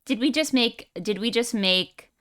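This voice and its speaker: A woman chatting casually while playing a puzzle game, wry and quick to laugh. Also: on the high side, fairly bright tone. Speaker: game player.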